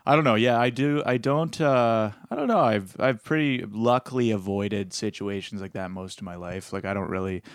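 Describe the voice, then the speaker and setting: A man's voice: fairly low pitch, moderate pace, hardly any pauses, smooth, dry recording, studio quality. A young man in casual podcast chat, talking in a rambling, hesitant way with many restarts. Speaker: podcast co-host.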